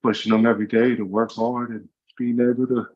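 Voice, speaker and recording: A man's voice: mid-range voice, flat delivery, fairly quick, darkish tone, slightly rough, muffled recording. A man telling his life story as an interview guest, speaking earnestly and from the heart, with many "you know" fillers. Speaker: guest, former college football player and youth trainer. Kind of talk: casual interview.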